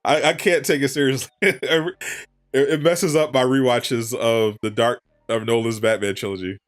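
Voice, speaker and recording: A man's voice: mid-range voice, steady tone, normal speed, faint music behind. Laid-back man chatting casually while streaming. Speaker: gaming streamer. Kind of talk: casual chat. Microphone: desk condenser mic.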